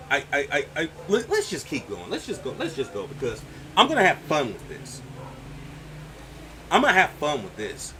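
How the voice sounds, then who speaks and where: A man hosting his own commentary video, ranting and mocking, swinging from shouting to low muttering. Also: a little hiss or hum. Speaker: commentary channel host.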